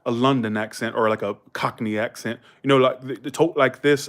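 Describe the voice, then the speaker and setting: A man's voice: mid-range voice, fairly even intonation, brisk, few pauses. An American man hosting a livestream in a casual chat, rambling through anecdotes with lots of fillers. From United States. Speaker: livestream host.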